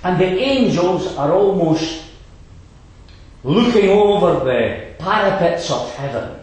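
A man's voice: sits high, lively intonation, slow pace, a little mellow, very echoey, poor audio. A man preaching a sermon, emphatic and fond of rhetorical asides to his congregation.

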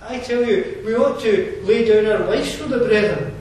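A man's voice: high-pitched, moderate pace, a little mellow, slight background noise. A man from Scotland, preaching a sermon in an earnest, conversational way with asides and fillers. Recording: roomy distant hall mic.

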